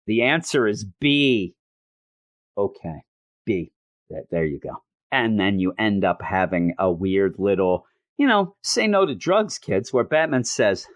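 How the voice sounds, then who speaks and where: A man's voice: lowish voice, sing-song, measured pace, dry recording. A man hosting a comic book show, casually recapping an issue with exasperated, joking disbelief. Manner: incredulous, exasperated, jokey.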